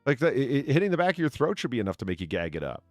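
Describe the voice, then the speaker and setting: A man's voice: mid-range voice, big pitch swings, racing, no room sound, soft background music. A man co-hosting a casual, crude comedy chat, sarcastically reading out news headlines. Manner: sarcastic, reads news headlines aloud mockingly. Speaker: podcast co-host.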